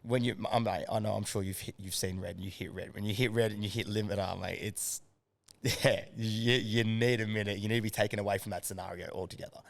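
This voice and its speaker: A man's voice: on the low side, fast, gravelly. An Australian man, a strength coach, chatting casually as a podcast guest and telling stories with lots of energy and swearing. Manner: animated storyteller, swears freely.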